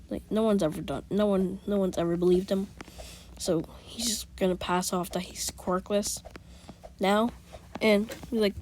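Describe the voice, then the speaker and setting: A woman's voice: mid-range voice, darkish tone, a little hiss or hum. A woman casually telling a made-up fan story, rambling with restarts and whispered asides.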